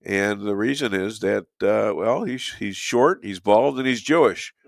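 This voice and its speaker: An older man hosting a talk show, hoarse from losing his voice, rambling and joking between filler pauses. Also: on the low side, no echo, studio quality. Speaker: show host. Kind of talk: casual talk show chat.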